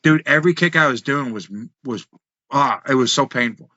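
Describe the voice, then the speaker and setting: A man, a former wrestler, telling road stories in an animated way on a podcast, full of restarts and quoted dialogue. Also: mid-range voice, moderate pace, dry recording, muffled recording. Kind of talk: casual storytelling in a podcast interview.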